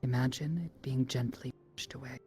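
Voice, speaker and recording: A woman in a fantasy role-play, calmly instructing another character in a spell. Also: a bass voice, normal speed. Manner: calm, instructive. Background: faint background music.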